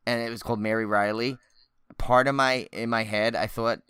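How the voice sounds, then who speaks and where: A man's voice: mid-range voice, steady tone, normal speed, a bit bright, smooth, no room sound, clean studio sound. A man co-hosting a horror movie podcast, talking casually and rambling with many restarts. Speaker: podcast co-host. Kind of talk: casual chat.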